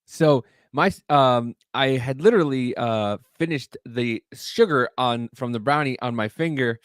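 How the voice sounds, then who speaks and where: A man's voice: medium pitch, unhurried, smooth, dry recording. A man with a middle-range voice tells a rambling, profane story on a podcast. He jumps between self-mockery and exaggerated retellings. The sound is close and dry, with no room around it. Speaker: podcast co-host. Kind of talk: casual storytelling chat.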